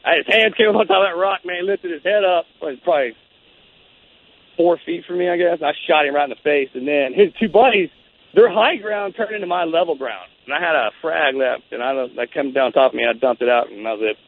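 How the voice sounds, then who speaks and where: A man's voice: on the high side, animated, fast, gravelly. Casual man telling war stories over a tinny line. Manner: casual, rambling, says man and bro a lot. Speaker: guest. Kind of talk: interview storytelling.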